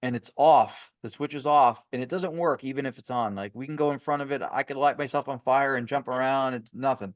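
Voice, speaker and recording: A man's voice: mid-range voice, fairly quick, few pauses, dry recording. A man, a guest on a podcast, telling stories eagerly in a rambling way with many restarts. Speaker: guest paranormal investigator. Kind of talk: casual podcast storytelling. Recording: muffled lo-fi audio.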